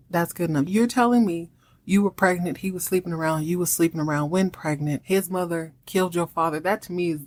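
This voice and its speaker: A woman in her thirties hosting a podcast, recapping a TV series in casual chat, wry and chatty. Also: fairly low pitch. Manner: chatty and wry, acts out characters' lines in quick voices.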